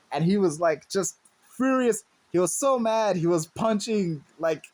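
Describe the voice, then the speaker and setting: Guy ranting on his podcast, kinda high voice, rambly, says like a lot. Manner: rambling, animated, many fillers like "like" and "man". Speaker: podcast host. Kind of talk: casual solo podcast commentary.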